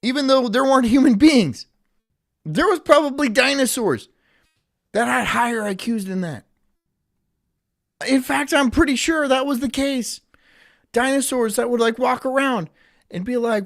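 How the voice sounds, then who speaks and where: A man's voice: very high voice, expressive, moderate pace, pauses often, fairly bright tone. A man rambling sardonically while streaming live commentary, laughing at his own jokes.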